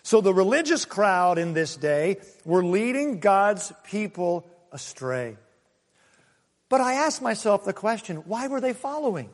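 This pastor's voice sits high and has a sing-song, unhurried quality, trailing a long reverb. His sermon moves from chuckling stories and soft asides to forceful, raised emphasis on his points.

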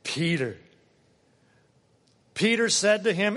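Man, preacher, sermon, high voice, emphatic, loud to hushed, long church reverb. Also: expressive, takes it slowly, long pauses. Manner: dramatic reading of scripture quotes.

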